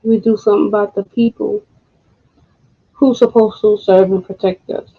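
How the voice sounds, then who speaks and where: A woman co-hosting an online talk stream, speaking with frustration and halting pauses, close to tears, with blunt profanity. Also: medium pitch, steady tone, breathy edge. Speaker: co-host. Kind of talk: emotional commentary. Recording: dull lo-fi home recording.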